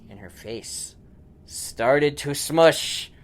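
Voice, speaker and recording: A father telling a playful bedtime story to his daughter, laughing often and shouting the robbers' lines. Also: a little high, drawn-out words. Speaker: storyteller dad.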